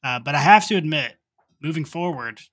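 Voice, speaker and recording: A man's voice: fairly high pitch, animated, a little fast, a crowd in the background. A man co-hosting a podcast in casual chat, confident and matter-of-fact. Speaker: podcast co-host.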